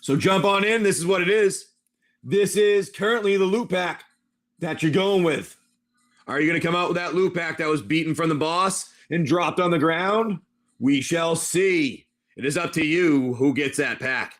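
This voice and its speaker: High-voiced male game master. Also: normal speed. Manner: animated, play-by-play narration. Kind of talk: narrating a tabletop game on a live stream.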